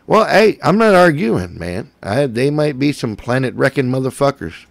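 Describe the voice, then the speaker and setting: A man's voice: mid-range voice, sing-song, moderate pace, gravelly, no echo. A man chatting casually as a show host, laid-back and swearing, smoking and coughing between remarks. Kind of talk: casual chat.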